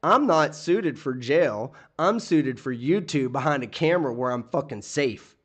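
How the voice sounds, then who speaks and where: A man mimicking a self-pitying grown man in a mocking, high, whimpering falsetto. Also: animated, a little slow, slightly rough. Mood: mock whining.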